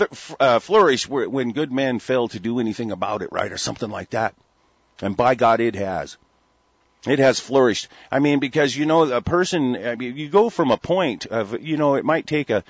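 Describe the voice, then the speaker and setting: A man's voice: mid-range voice, breathy edge, dry recording. A man from the United States in a heated, rambling talk-radio rant, stammering through restarts and swearing freely. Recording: dull lo-fi recording.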